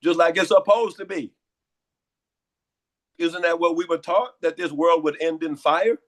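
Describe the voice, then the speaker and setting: Hoarse, congested man lecturing. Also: on the high side, measured pace. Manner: rhetorical, repeats pointed questions. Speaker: guest. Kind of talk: lecturing interview answers.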